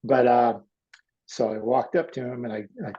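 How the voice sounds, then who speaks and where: A gravelly middle-aged man, a guest artist, telling personal stories in a halting way and acting out the voices he quotes. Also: mid-range voice, flat delivery. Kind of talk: emotional personal storytelling. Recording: dull lo-fi audio.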